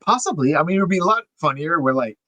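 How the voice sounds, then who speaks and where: A man's voice: on the high side, lively intonation, fast, pushed and bright, no room sound, rough recording. A young man co-hosting a podcast, explaining things in a casual, chatty way with plenty of fillers. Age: young adult. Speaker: podcast co-host.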